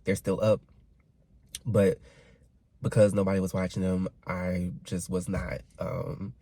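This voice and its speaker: A man's voice: deep voice, little pitch movement, a little slow, gravelly, mellow, no room sound. A man in his twenties, getting over a cold, ranting candidly to camera in a casual vlog and swearing freely. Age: 20s. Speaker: vlogger.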